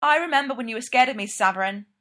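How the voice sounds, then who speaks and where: A woman's voice: a little high, very fast, fairly bright tone, close to an everyday voice. A woman doing a cheeky young engineer. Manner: playful and upbeat.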